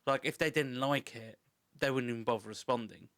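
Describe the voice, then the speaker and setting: A man's voice: medium pitch, a little fast, fairly bright tone. A man from England hosting a podcast, chatting casually and encouragingly, with the odd casual swear. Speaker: podcast host. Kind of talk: casual interview chat.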